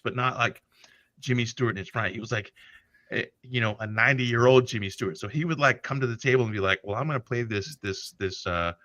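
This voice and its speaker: A man in his forties spins crude, laughing anecdotes in a loose livestream chat. His voice is bright and forward, picked up dry and close with no room sound at all. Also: medium pitch, dry recording. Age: 40s. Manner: profane, laughing, vivid storyteller. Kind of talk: casual storytelling chat.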